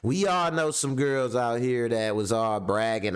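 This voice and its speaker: A middle-aged man hosting a casual commentary show, telling stories in slang and acting out voices in a high, squeaky pitch. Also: expressive, unhurried, few pauses, clear, resonant tone.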